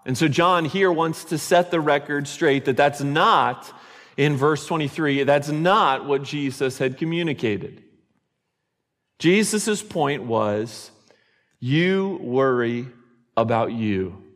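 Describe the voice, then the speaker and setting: A man's voice: fairly high pitch, slow, a bit bright. A male pastor preaching a sermon in an earnest, reflective way, leaning on repeated phrases for emphasis. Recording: reverberant hall.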